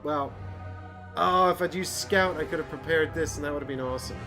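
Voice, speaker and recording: A slightly high-voiced man talks at a quick pace while working through a board game out loud, with music playing in the background. When things go badly he gets emotional, sighing and swearing openly.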